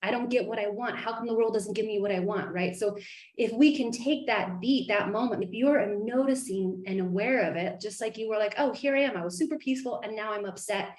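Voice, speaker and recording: A woman life coach talking through a group coaching call in an earnest, animated way, acting out her own inner voice as she goes. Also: mid-range voice, brisk, echoey room.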